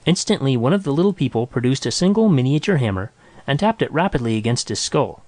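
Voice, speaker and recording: A man reads a short story aloud in a steady, measured voice. The sound is close and dry, with no room around it. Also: mid-range voice, dry recording. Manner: even, measured reading. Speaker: narrator. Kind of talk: scripted story narration.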